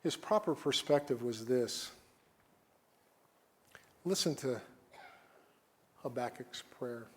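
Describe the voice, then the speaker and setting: A man preaching as a guest at a live-streamed church service. He reads scripture slowly and with weight, then talks casually with the congregation. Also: mid-range voice, husky. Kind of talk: sermon.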